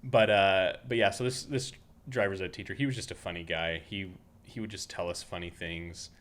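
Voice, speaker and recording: A man's voice: deep voice, fairly even intonation, moderate pace, fairly bright tone. A man from Utah hosting a casual podcast, who tells meandering anecdotes full of restarts. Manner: rambling anecdotal storytelling with many restarts. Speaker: podcast host.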